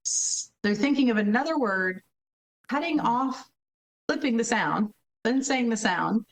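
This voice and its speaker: A woman interview guest who directs a learning center, explaining in lively casual talk, acting out children and checking in with tag questions. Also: a little high, unhurried, low-quality recording. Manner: animated, acts out children's reading with voices; frequent tag questions, laughs while explaining.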